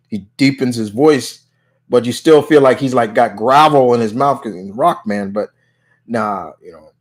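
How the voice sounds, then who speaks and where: A man's voice: mid-range voice, normal speed. A man hosting a live Q&A stream in casual chat, reading out viewer questions and answering them in a rambling way, full of restarts. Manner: rambling, many restarts and "you know"s. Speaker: livestream Q&A host.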